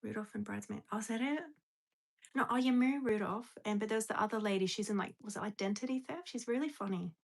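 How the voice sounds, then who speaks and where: A young woman hosts a live stream on a phone or webcam, chatting casually and giggling with viewers as she rambles, often breaking off sentences and starting over. Her mid-range voice is fast and creaky, and the audio is poor.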